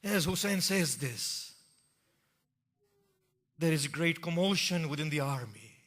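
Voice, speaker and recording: Slow, bright-voiced man preaching a lament. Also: on the high side, expressive. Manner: dramatic storytelling, rising to impassioned cries. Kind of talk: emotional sermon narration.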